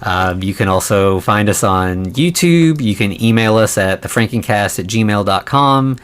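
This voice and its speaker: Low-voiced American man, laid-back podcast co-host. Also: lively intonation, measured pace, smooth. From United States. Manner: hesitant, laughs easily. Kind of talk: casual podcast chat.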